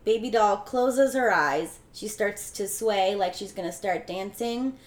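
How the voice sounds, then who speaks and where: An unhurried young woman with a mid-range voice recounts a film's plot for a podcast she co-hosts. The talk is a casual, chatty recap full of fillers, and the room gives the recording an echo.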